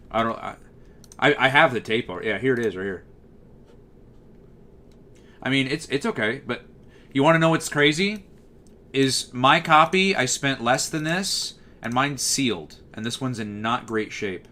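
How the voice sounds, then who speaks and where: A man with a low bass-baritone voice chats casually as a livestream host. His tone is bright and forward, at an ordinary pitch for a man. He talks freely and answers messages from chat as they come in.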